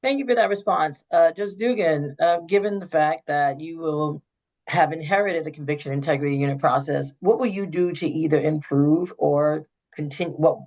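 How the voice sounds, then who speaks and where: A forum moderator asking questions in a halting way with many fillers, heard over a video call. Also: mid-range voice, gravelly, a little mellow. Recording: dull lo-fi video call audio.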